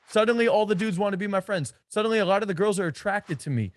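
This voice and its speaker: A man's voice: sits high, fast talker, hardly any pauses, dry recording, clean studio sound. A man coaching on dating, talking emphatically and bluntly with swearing and punchy repetition. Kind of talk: energetic coaching talk.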